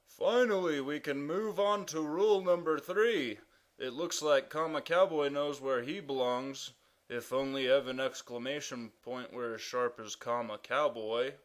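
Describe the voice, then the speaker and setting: A man voicing a pompous, loud male king who proclaims grammar rules in an animated cartoon. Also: unhurried, lightly acted. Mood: commanding. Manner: booming proclamations.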